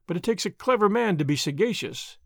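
A man's voice: high-pitched, animated, brisk, gravelly, no echo, clean studio sound, exaggerated voice. A man reading the part of a lazy, ironic young nobleman in an audiobook, drawling and mildly mocking. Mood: languid.

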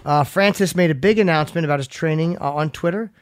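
A man's voice: on the high side, fast talker, no echo, studio quality. A man hosting a podcast, telling rambling self-mocking stories in casual chat and swearing freely. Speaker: podcast host.

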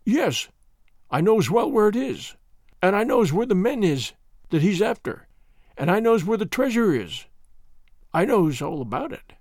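A man voicing a stubborn, shuffling old sailor who talks in rough, petulant speech. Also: sits high, very animated, a little slow, long pauses, a little mellow, dry recording, studio quality, exaggerated voice. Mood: insistent.

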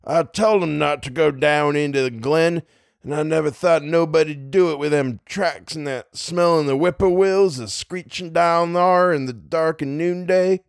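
A man's voice: on the high side, normal speed, gravelly, smooth, no room sound, studio quality, voice pushed up. A man voicing a frightened rustic old farmer, gasping out his words in a thick rural dialect. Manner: gasping, breathless.

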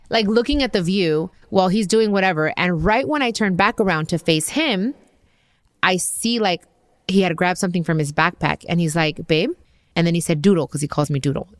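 A woman host casually telling a personal story, chatty and animated, full of asides and quoted dialogue. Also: medium pitch, dry recording, clean studio sound. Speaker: podcast host.

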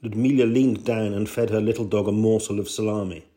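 A man's voice: on the low side, steady tone, brisk, warm tone. A man reading his own first-person travel essay aloud in a dry, understated way. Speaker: essay reader.

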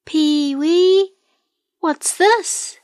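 Lady doing a small kiwi bird boy, chirpy and high, real excited, storybook. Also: extremely slow.

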